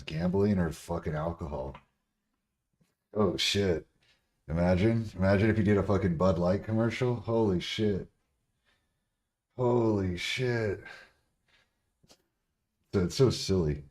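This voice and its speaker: Deep-voiced man, profane and blunt. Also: slow pace, long pauses. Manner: laughs often, gets louder when riled up. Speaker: bodybuilder streamer answering chat. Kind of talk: casual livestream chat.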